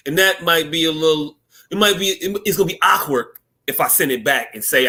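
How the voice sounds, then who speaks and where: A man co-hosting a podcast, talking in animated, joking banter with drawn-out storytelling. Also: fairly high pitch. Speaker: podcast co-host.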